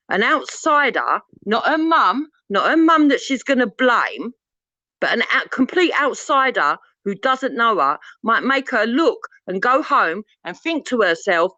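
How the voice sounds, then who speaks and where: A woman's voice: fairly high pitch, pushed and bright, dry recording, muffled recording. Blunt lecturing woman in her fifties. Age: 50s. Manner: blunt, lecturing, swears freely. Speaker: panelist on a live debate stream. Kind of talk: heated live debate.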